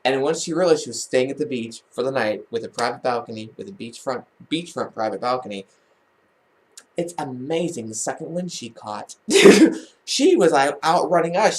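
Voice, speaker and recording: A man's voice: mid-range voice, lively intonation, moderate pace. A man vlogging, telling a personal family story in a casual, rambling way, with many restarts and false starts.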